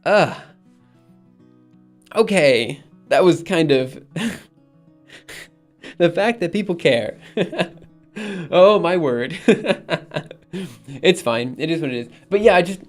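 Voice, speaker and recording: A man's voice: on the high side, lively intonation, extremely slow, pauses often, faint music behind. A young man rambling in casual live-stream chat, reading messages aloud and repeatedly insisting things are fine. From United States. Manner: rambling, reads chat aloud, exasperated but reassuring.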